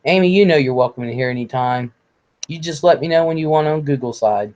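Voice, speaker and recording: A man hosting a live stream in a relaxed, blunt way, reading viewer comments aloud and swearing casually. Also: a little high, fairly quick, highs cut off.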